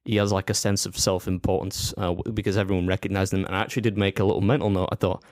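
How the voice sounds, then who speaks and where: A man's voice: deep voice, flat delivery, darkish tone, no room sound, clean studio sound. A man co-hosting a casual podcast, bantering and joking as he talks through a film. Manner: jokey, quick banter. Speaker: podcast co-host. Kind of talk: casual chat.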